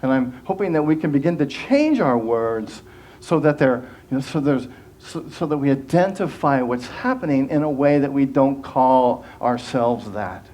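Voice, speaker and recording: A man's voice: mid-range voice, expressive, moderate pace, warm tone. A man giving a sermon as minister, earnest and conversational, often restarting phrases and acting out quoted voices.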